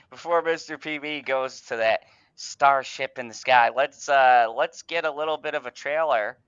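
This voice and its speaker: A man's voice: medium pitch, a little slow, fairly bright tone, clean tone, no echo. A man hosting an online fan podcast, ranting angrily with heavy profanity and stammered restarts. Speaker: podcast host. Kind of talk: ranting casual chat. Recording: dull, dry home mic sound.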